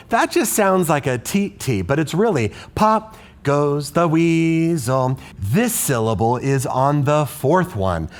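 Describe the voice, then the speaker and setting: Slow, patient male music teacher. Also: fairly high pitch, very animated. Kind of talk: explaining a classroom lesson.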